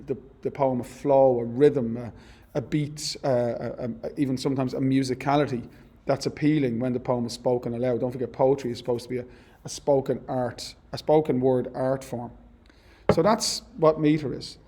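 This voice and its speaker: A man teaching a literature lesson, explaining in a conversational way with fillers and self-corrections, and reading poem lines slowly and deliberately. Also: mid-range voice, steady tone, dark tone, husky.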